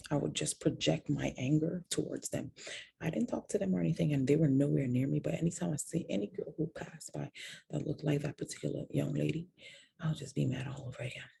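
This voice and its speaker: A woman's voice: low voice, fairly even intonation, fairly quick, creaky, dark tone, a little hiss or hum. A woman candidly confiding a personal story to viewers in a vlog, sometimes dropping to a whisper on painful details. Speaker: host telling her own story.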